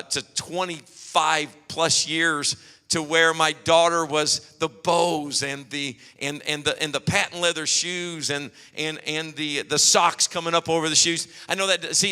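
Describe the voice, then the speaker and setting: A man preaching a sermon, telling animated stories and acting out quotes. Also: on the high side, clear, resonant tone. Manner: storytelling, animated, acts out quotes. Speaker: pastor. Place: church hall. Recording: long hall reverb.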